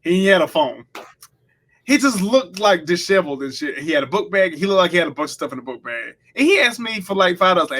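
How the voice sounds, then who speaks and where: A man's voice: high-pitched, very animated, fast talker, a bit bright. A young man co-hosting a podcast, telling funny stories in loose, swearing chat. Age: young adult. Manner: storytelling, laughing, casual swearing. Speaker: podcast co-host. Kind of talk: casual comedic chat.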